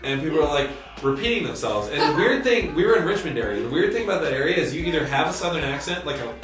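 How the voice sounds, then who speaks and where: Animated man hosting a chat, roomy and distant. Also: a little high, fast. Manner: animated, laughing, exaggerated outbursts. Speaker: host. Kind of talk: casual chat. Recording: roomy, distant mic with music behind.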